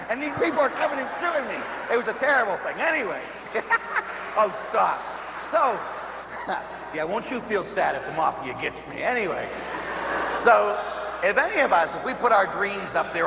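A middle-aged man from Pittsburgh, a Catholic priest, telling funny personal stories in a sermon, animated and laughing as he acts out the voices. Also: high-pitched, vocal fry. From Pittsburgh, USA. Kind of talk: humorous storytelling sermon. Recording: echoey hall with faint hum.

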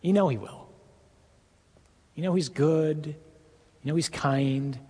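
A husky-voiced man voicing a sly devil who tempts with coaxing words, heard with long reverb. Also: on the high side, slow pace, a little mellow. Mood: wheedling. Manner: coaxing, insinuating.

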